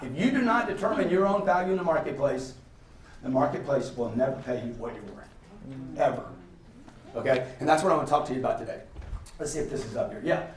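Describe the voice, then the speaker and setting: A man, giving an energetic motivational sales lecture and constantly checking in with his audience. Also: a little high, a little hiss or hum. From Louisiana, US. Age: 50s. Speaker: guest lecturer. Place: packed lecture hall. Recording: echoey hall from far off.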